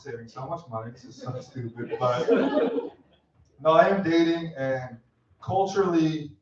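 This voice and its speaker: A man in his thirties doing a stand-up set with crowd work, deadpan and self-mocking, laughing at his own jokes on a club stage. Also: a little high, unhurried. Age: 30s. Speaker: stand-up comedian. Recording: roomy, distant, dull club recording.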